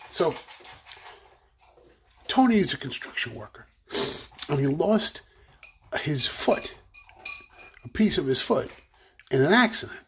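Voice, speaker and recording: Joke teller, lively swooping pitch, animated, faint hiss. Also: measured pace, pauses often. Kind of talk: joke telling.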